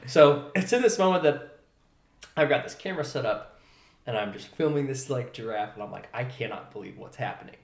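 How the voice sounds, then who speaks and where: A young man telling a story in casual chat, animated, with many fillers, trailing off quietly. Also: mid-range voice, normal speed, roomy sound. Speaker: podcast guest.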